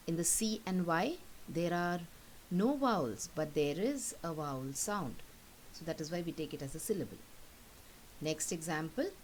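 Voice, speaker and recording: A woman teacher walks through words slowly and patiently, repeating each one so students can copy it. Her voice sits a little low, and a faint hiss runs under the recording. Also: darkish tone, rough recording. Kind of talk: recorded classroom lesson.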